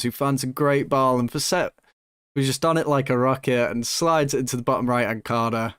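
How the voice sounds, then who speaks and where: A young man commentating his own football management game, excitable and swinging between nervous hush and loud joy, swearing now and then. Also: mid-range voice, smooth, no echo, clean studio sound. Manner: excitable, swings from hushed nerves to shouting joy. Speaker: gaming YouTuber.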